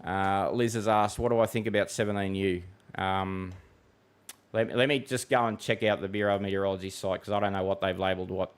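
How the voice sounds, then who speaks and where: A man's voice: low-pitched, level tone, brisk, clean tone. A man with an Australian accent, hosting a weather livestream in a casual, matey way and reading out viewer comments. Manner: chatty and matey, with many fillers and restarts. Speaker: weather forecaster and livestream host.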